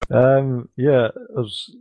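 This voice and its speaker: A man's voice: medium pitch, flat delivery, slow pace, muffled recording, slight background noise. A man co-hosting a podcast in casual chat, rambling and breaking off his own sentences with ums. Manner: rambling, self-interrupting with ums. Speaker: podcast co-host.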